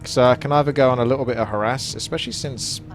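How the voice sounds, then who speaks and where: A man's voice: medium pitch, fast, faint music behind. A man giving casual, chatty game commentary, thinking aloud as he plays. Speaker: gameplay commentator.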